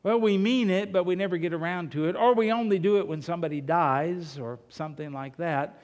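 Preaching in a church, this man has a high-pitched voice with a darkish tone and a brisk delivery. He keeps the sermon conversational, with rhetorical questions and humorous stories, all echoing in a big hall's long reverb.

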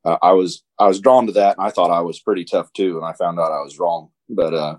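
A man from Indiana chatting as a guest, halting and self-deprecating about his past. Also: sits low, fairly even intonation, a little mellow. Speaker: podcast guest. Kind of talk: casual chat.

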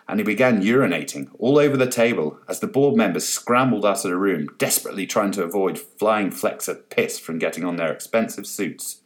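A man's voice: fairly low pitch, a little fast, hardly any pauses. A man narrating a comic story aloud with expression. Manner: expressive, reads with many voices. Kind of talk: storybook reading.

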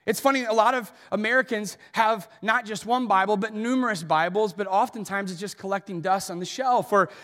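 A man preaching a sermon as pastor, telling funny self-deprecating stories in an animated way. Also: sits high, fairly quick, hardly any pauses, in a large hall. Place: church auditorium.

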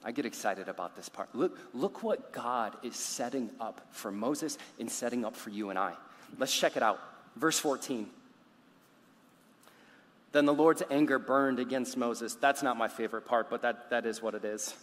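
A man's voice: medium pitch, moderate pace, big-room sound. A man preaching a sermon, telling a story dramatically and acting out its characters. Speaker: pastor.

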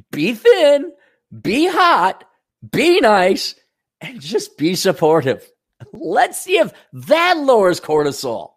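A man's voice: sits high, wildly swooping pitch, extremely slow, long pauses. Profane rambling male talk host. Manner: profane, sarcastic rambling with mock voices. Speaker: show host. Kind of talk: rambling monologue.

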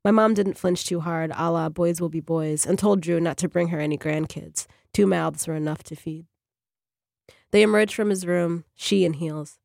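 A woman, a fiction writer, reading her own short story on a radio program in a measured, even way. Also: on the low side, creaky, dry recording, clean studio sound.

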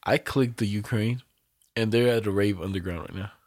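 A man's voice: fairly low pitch, normal speed, darkish tone, dry recording, studio quality. A young man in casual podcast chat, slangy and joking, laughing often as he tells stories.

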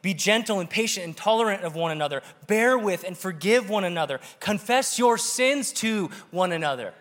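A man preaching a sermon to a congregation, animated and joking with the audience. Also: high-pitched, normal speed, hardly any pauses. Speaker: pastor. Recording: long reverb of a large hall.

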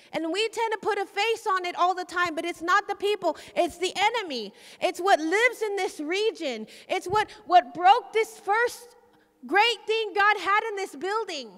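Woman preacher, very high and bright, fervent repetitive delivery, long hall reverb. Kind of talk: sermon testimony.

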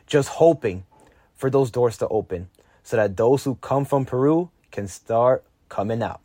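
A teenage boy reading a personal story aloud, lively and lifting his voice for his own quoted lines. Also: unhurried, dry recording, clean studio sound. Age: teens. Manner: lively, jumps higher when quoting his younger self. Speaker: narrator.

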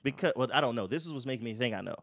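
A man co-hosting a podcast, chatting casually in a rambling, animated way and swearing freely. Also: medium pitch, very fast, gravelly, dry recording, studio quality. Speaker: podcast co-host. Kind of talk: casual chat.

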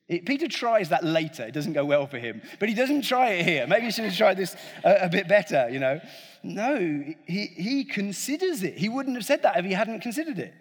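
A male preacher giving a chatty, humorous sermon with a slightly husky voice that swings widely in pitch. He speaks from a large hall, and a long reverb trails his words. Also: very animated, a little fast. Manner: conversational, joking, addresses the congregation directly.

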